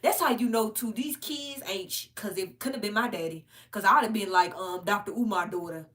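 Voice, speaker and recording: A woman's voice: mid-range voice, brisk. A woman giving casual ranting commentary as a vlogger, blunt and profane, laughing between points as she tells stories. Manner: blunt, profane, animated storytelling.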